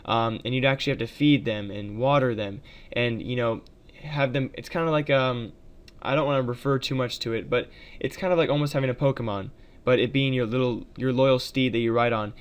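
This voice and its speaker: Chatty man with a smooth voice. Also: medium pitch, a little fast. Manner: chatty, addresses viewers as guys, many fillers. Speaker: gaming video creator. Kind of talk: casual gameplay commentary.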